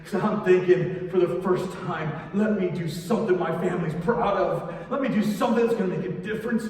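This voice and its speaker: A man playing an aging cross builder in a first-person church monologue, halting and emotional, heard from afar in an echoey hall. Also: sits high, darkish tone, recorded from a distance, close to an everyday voice. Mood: shaken. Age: older. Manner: halting, emotional, restarts and nervous laughs. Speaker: church drama performer. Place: large echoey church sanctuary.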